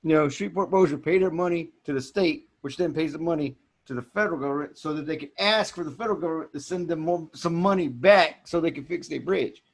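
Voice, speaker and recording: A man, co-hosting a podcast in casual chat and restarting his sentences often. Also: fairly high pitch. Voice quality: halting, repeats words. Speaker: podcast co-host.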